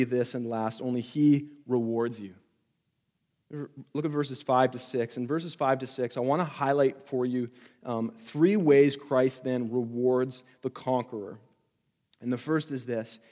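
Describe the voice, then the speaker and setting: A man preaching a sermon to his church, building to emphatic repeated lines and dropping back to quiet reflection. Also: mid-range voice, in a large hall. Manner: impassioned preaching with rising emphatic repetition. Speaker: pastor.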